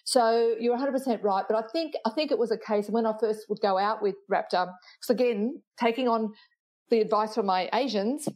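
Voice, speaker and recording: A woman's voice: a little high, moderate pace, a little mellow. Woman telling police stories. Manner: chatty anecdotal, laughs often, frequent restarts. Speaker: guest, retired senior police officer. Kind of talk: storytelling interview chat.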